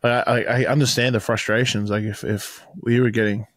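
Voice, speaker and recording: A man's voice: on the low side, level tone, brisk, no echo. Easygoing Australian man, dry sound. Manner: repeats his phrases, easygoing. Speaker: podcast guest. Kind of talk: casual chat.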